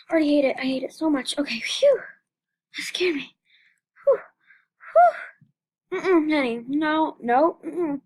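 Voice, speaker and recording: A woman's voice: high-pitched, animated, unhurried, long pauses, darkish tone. A young woman hosting her gaming channel, chatting casually and dramatically over gameplay, repeating phrases.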